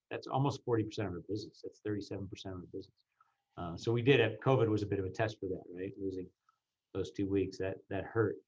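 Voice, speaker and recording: A man from the ski business weighs his words on a discussion panel, with a lowish voice. He often restarts and repeats himself, and the audio sounds dull and lo-fi. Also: a little mellow. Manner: measured, thoughtful, repeats words. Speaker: ski area executive.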